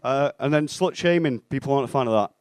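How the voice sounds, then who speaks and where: A young man performing a stand-up set in a comedy club, with a deadpan, self-mocking delivery and acted-out bits of dialogue. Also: mid-range voice, fast talker, clear, resonant tone, no echo. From England (Stoke-on-Trent).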